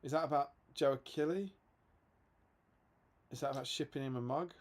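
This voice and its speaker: A man's voice: fairly high pitch, moderate pace. Chatty man reading out viewer comments. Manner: chatty and amused, laughs often. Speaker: livestream co-host. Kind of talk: casual live-stream chat, reading viewer comments.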